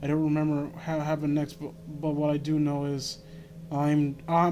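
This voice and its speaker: A man's voice: on the high side, completely flat delivery, normal speed, dark tone. Man reading horror with a noisy mic. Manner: reads in first person with wry offhand asides. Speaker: reader of a horror fan story. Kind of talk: amateur horror story reading. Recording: noisy home recording.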